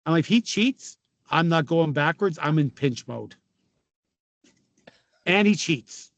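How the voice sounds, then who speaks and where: Slow-paced and a little high, with lively intonation, this Canadian-accented man in his fifties spins casual stories as a podcast guest who once played pro hockey. He swears often, laughs and imitates other people's words, in a recording with no room sound.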